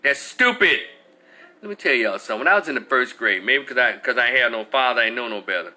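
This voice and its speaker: A man in his forties telling a story as a profane, animated rant, acting out other people's voices. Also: medium pitch, quick pace, faint music behind. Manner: animated, acts out voices, swears freely. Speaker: commentator.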